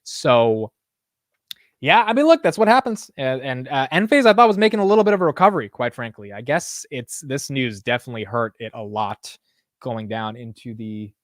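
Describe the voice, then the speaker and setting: A man's voice: mid-range voice, lively intonation, normal speed, no echo, clean studio sound. A man hosting a live stock market show in casual commentary, rambling and blunt with casual swearing.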